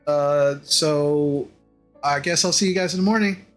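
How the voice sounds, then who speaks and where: A man's voice: on the high side, measured pace, faint music behind. A man narrating a tabletop game as game master, hesitant with many fillers.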